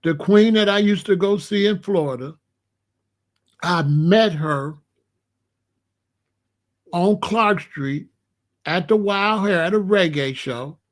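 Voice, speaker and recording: A male commentary host from Chicago tells stories in an opinionated monologue, using animated, slangy street talk. His voice sits high and he speaks slowly, with long pauses.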